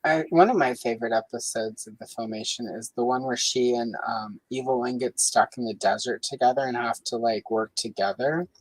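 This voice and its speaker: A woman hosting a coloring livestream in casual chat, talking with many fillers and lively swings in pitch. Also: a little fast, hardly any pauses, husky, no room sound, rough recording. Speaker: livestream host.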